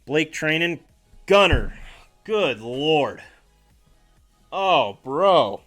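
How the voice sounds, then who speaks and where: A man's voice: a little high, big pitch swings, very slow, long pauses, a bit bright, soft background music. A man chatting casually on a live stream as he opens packs, reading names aloud, joking and correcting himself along the way. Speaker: streamer opening trading card packs.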